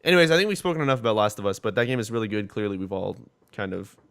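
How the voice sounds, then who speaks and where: A man's voice: fairly low pitch, animated, very fast, fairly bright tone, smooth. A man co-hosting a gaming podcast, chatting casually and rambling with lots of "like" and quoted asides. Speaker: podcast co-host.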